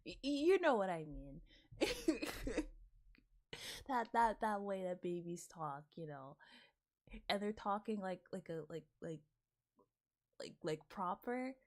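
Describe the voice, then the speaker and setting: A woman's voice: mid-range voice, very animated, slow pace, pauses often, a little mellow. A woman in her twenties chatting casually as a streamer, rambling with lots of "like", swearing and laughing often. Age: 20s. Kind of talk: casual reaction chat.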